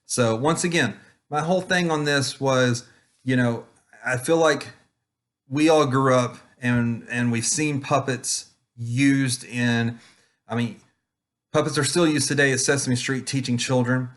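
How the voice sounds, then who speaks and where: A man's voice: medium pitch, measured pace, a bit bright. A man who runs children's ministry with puppets, giving a casual conference talk full of ums and restarts. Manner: rambling, many ums and restarts. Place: home online presentation.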